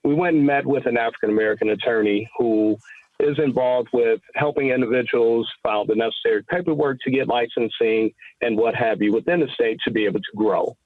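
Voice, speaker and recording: A man's voice: mid-range voice, dry recording. Man, formal committee testimony, earnest and emphatic, tinny remote line. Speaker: public testifier. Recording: tinny phone-like line, dry.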